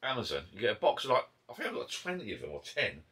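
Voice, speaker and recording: A man's voice: lowish voice, wildly swooping pitch, fast, creaky, sharp tone, husky. A man with an Essex accent chatting casually over beers in his garden pub shed, rambling and breaking off mid-thought. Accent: Essex English. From Essex, England. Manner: rambling, chatty, self-interrupting. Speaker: vlogger. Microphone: camera mic.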